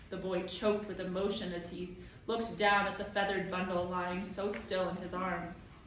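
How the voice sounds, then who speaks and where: A woman teacher reading a novel aloud to her class with steady, plain narration. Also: mid-range voice, normal speed, slight background noise. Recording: echoey classroom, mic far off.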